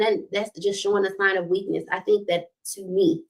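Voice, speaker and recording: A woman's voice: mid-range voice, steady tone, brisk. A middle-aged woman hosting a relationship talk, preaching with faith references, repeating key points and asking "right?" often. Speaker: host of a relationship talk stream.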